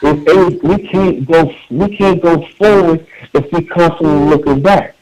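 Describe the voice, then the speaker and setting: A man's voice: fairly high pitch, a little slow, darkish tone, low-quality recording. Earnest man calling in to radio. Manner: earnest, emphatic, with repeated words and restarts. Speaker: caller. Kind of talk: call-in radio talk.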